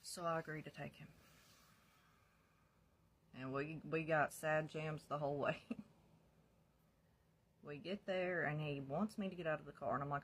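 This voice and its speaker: A woman's voice: deep voice, fairly even intonation, normal speed, long pauses, slight background noise. A woman casually telling her own life story, candid and blunt, swearing freely and laughing often. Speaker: vlogger sharing her recovery story.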